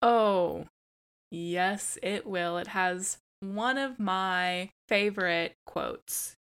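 Gravelly-voiced woman podcast co-host. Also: medium pitch, drawn-out words, fairly bright tone. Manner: enthusiastic, swears casually. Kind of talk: casual chat.

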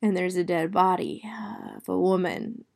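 A woman's voice: on the low side, moderate pace, vocal fry. Chatty woman recapping a horror novel. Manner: chatty, with many "like" and "you know" fillers; expressive, dwelling on gory detail. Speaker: book reviewer. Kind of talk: casual plot recap.

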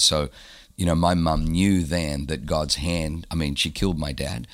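Very deep-voiced guy telling a story on an interview show, lively, repeats himself a lot. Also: measured pace. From born in Germany, raised in Australia. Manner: animated storyteller, repeats phrases for emphasis. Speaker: guest, pastor.

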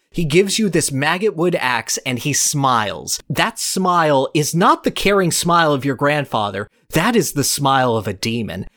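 A man's voice: a little high, a bit bright. A man co-hosting a podcast, telling a comically dramatic, building story about a game and then discussing it casually. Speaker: podcast co-host.

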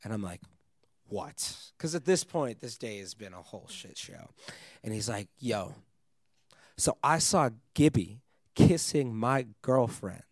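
A young man, a DJ guest, telling a wild story in casual chat, animated and swearing often, laughing as he goes. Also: medium pitch, unhurried, dry recording, clean studio sound.

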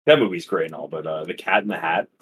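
A man's voice: low-pitched, fast talker, a bit bright, breathy edge. A young man co-hosting a podcast, chatting casually, rambling and swearing with frequent laughter. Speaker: podcast co-host. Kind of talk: casual chat.

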